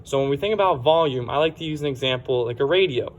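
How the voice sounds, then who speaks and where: Man, teacher, kids' science lesson, middle pitch, plain explaining, self-correcting. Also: fast talker. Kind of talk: recorded science lesson for children.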